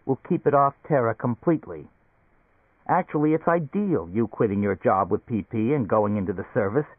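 A man's voice: medium pitch, lively intonation, normal speed, slightly rough, no room sound. A man voicing a pushy, blustering middle-aged male company boss in an audiobook, talking insistently and hectoring. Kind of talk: audiobook character voice. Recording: tinny narrow-band recording, dry.

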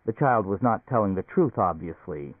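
A man reading a novel aloud as a steady, measured audiobook narrator. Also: on the low side, no echo. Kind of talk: scripted narration. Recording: tinny phone-like recording.

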